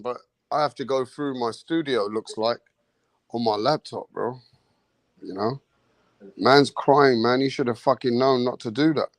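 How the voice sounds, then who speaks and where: A man's voice: mid-range voice, no echo. Exasperated profane man ranting. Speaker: host of a live online boxing show. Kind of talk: heated live-stream rant.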